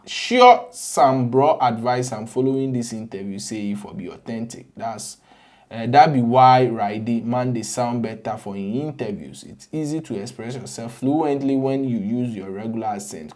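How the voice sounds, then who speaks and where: A man with a Ghanaian accent hosting an entertainment news show, chatting casually and switching between English and Twi with animated asides. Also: mid-range voice, moderate pace. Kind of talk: casual gossip commentary mixing English and Twi.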